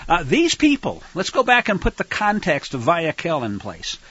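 A man's voice: fairly high pitch, huge pitch swings, normal speed, a bit bright, husky, dry recording, lo-fi sound. A man preaching in an emphatic, sarcastic style with digressions. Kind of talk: sermon-style commentary.

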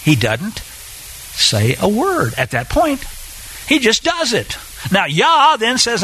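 A man preaching a sermon in an emphatic, animated way, with sarcastic asides. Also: high voice, slow, breathy edge, poor audio.

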